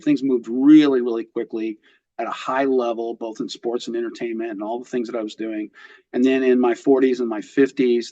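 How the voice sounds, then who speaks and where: Middle-aged Texan man with a mild West Texas lilt, unhurried guest telling his story, close and slightly muffled. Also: medium pitch, a little mellow, no room sound. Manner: thoughtful, with frequent ums and restarts. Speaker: podcast guest. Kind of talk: casual interview. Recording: dull lo-fi audio.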